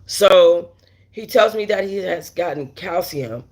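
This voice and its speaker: A woman's voice: on the low side, lively intonation, slow pace, a little mellow. Blunt, profane woman telling a story live. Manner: talks straight to viewers with many asides. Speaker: host of a storytime livestream. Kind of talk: casual storytelling while reading live chat.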